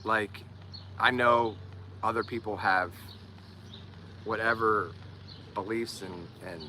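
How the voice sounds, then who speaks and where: On a low-quality recording with a little hiss or hum, a man speaks slowly in a low, steady voice that's bright and forceful. Hailing from Delaware County, Pennsylvania, and sounding Philadelphian, he talks casually to his livestream viewers, repeating words while hunting for the right one.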